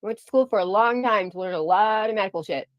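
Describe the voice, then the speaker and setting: A woman's voice: mid-range voice, quick pace, dry recording, highs cut off. A middle-aged woman vlogger ranting angrily to her viewers, heated and profane, repeating herself as she defends her family. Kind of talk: angry rant to camera.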